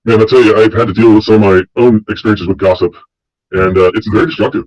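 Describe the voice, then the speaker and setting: A man's voice: on the low side, fairly even intonation, fast, a little mellow, dry recording, muffled recording. A man, a guest in a casual conversation, talking earnestly with many fillers.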